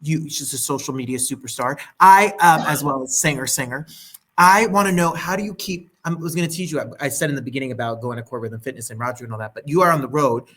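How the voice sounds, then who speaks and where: A man's voice: medium pitch, fast, fairly bright tone. Enthusiastic male interview host. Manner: enthusiastic, promotional, chatty. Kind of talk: casual interview chat.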